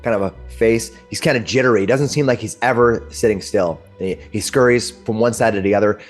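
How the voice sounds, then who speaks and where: A man's voice: fairly low pitch, a little fast, soft background music. A man narrating as game master, describing scenes in a meandering, searching way. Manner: descriptive and meandering, with frequent restarts.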